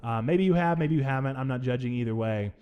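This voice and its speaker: A young adult man hosting a let's play, talking over the game in playful mock outrage with big swings in pitch. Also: quick pace, clear, resonant tone, muffled recording. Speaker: gaming channel host.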